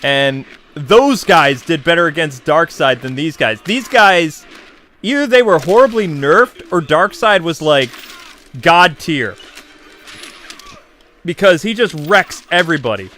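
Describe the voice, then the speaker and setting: A man's voice: on the high side, expressive, measured pace, sharp tone, slight background noise. A man giving a casual, slangy film review that swings from laid-back to exasperated.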